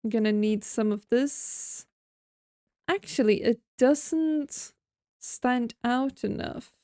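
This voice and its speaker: A woman streamer talks through her building in an unhurried, leisurely way, musing out loud and teasing herself. Her voice sits a little high, and the sound is close and dry, with no room in it. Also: no room sound. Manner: chatty, self-mocking, thinking aloud while building. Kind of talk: casual gameplay commentary.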